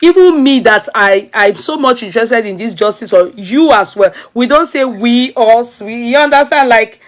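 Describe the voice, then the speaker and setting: Nigerian woman host, mid-high voice, loose conversational commentary. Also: expressive, moderate pace. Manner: chatty, mixes in Yoruba, frequent laughter. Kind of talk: casual commentary chat.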